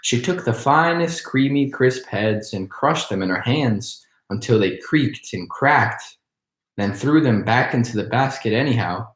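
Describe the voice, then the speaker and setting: A man reading a children's storybook aloud, in a slow, measured style. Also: mid-range voice, lively intonation, fairly bright tone. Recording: echoey room.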